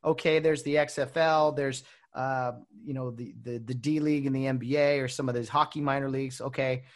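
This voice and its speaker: A man's voice: mid-range voice, steady tone, fairly quick. A man hosting a casual interview, affable and chatty. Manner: affable, chatty, laughs easily.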